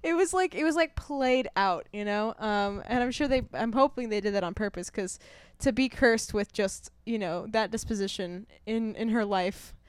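A woman's voice: mid-range voice, moderate pace, smooth, no room sound. A woman co-hosting a podcast, talking casually about films in an upbeat, chatty way full of fillers. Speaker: podcast co-host. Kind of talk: casual film review chat.

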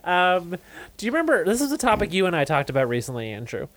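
A man with a slightly high, very lively voice chats casually on a podcast. He laughs often and happily drifts off on tangents. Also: fast, no room sound, rough recording. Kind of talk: casual chat.

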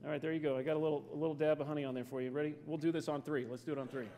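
Playful preacher in a reverberant hall. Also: male voice, a little high, fairly even intonation, racing, dark tone, slight background noise. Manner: storytelling, playful, chatty with the audience. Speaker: guest preacher. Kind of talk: humorous sermon to a congregation.

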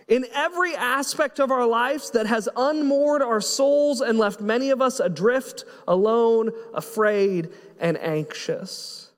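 A man preaching a sermon as pastor, impassioned, swinging between hushed and excited delivery. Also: extremely high pitch, in a large hall.

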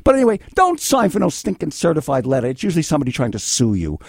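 An older man hosting a call-in legal advice radio show, blunt and excitable, swinging between yelling and calm. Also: a little high, very fast, gravelly, dry recording, studio quality. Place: radio studio.

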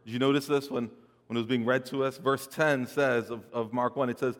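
A man preaching a sermon, swelling loud and dropping soft, often repeating words as he builds a point. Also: mid-range voice, fairly even intonation, a little fast, in a large hall. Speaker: pastor.

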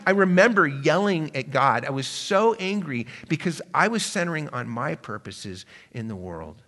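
A man preaching a sermon to a congregation, swinging between hushed, reflective passages and loud, emphatic ones. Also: fairly high pitch. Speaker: pastor. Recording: reverberant hall.

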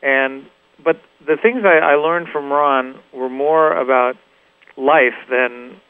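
A middle-aged man chats as an interview guest, his voice of ordinary middle pitch. He tells long anecdotes at an easy pace, full of fillers and restarts. The feel is loose and conversational. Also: takes it slowly, clear, resonant tone, no echo, narrow, tinny audio. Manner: relaxed, rambling anecdotes with many fillers and restarts. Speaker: guest musician, guitarist. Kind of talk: casual interview storytelling.

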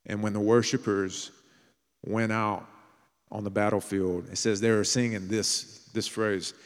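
A man with a low voice preaches a sermon in a church sanctuary. He speaks earnestly and plainly, and at times drops into a hushed, intimate storytelling tone. His words ring out with the long reverb of a large hall. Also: fairly even intonation, measured pace. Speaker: pastor.

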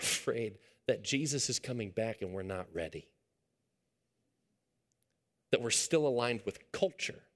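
A pastor in his thirties preaches a sermon, telling a family story and swinging between hushed, intimate lines and loud, excited retelling. His voice is medium-pitched.

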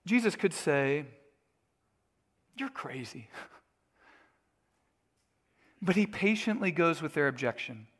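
Male pastor, sermon, emphatic, slightly high voice. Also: animated, measured pace, pauses often, a bit bright. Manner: earnest, emphatic, storytelling.

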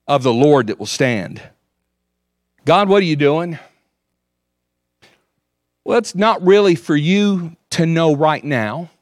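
A man preaching a sermon, reading scripture aloud with measured emphasis. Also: a little high, clear, resonant tone, dry recording, studio quality.

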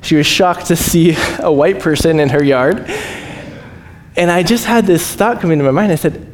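A man preaching as a missionary, telling stories with lively acted-out voices and frequent laughs. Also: moderate pace. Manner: animated, acts out quoted voices, laughs often. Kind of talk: storytelling sermon. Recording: echoey hall, faint rumble.

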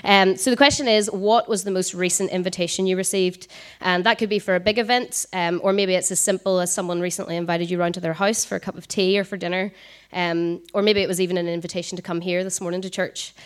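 A woman, giving a conversational sermon at a church service, talking fast with frequent ums. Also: on the low side, steady tone. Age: 20s. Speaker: preacher.

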